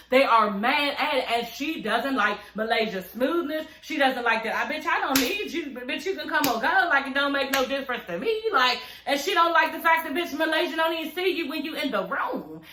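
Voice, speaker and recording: High, bright, profane woman recapping. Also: echoey room. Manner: blunt, profane, laughing, repeats "you know what I'm saying". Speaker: reality TV recap vlogger. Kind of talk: casual reality show recap rant.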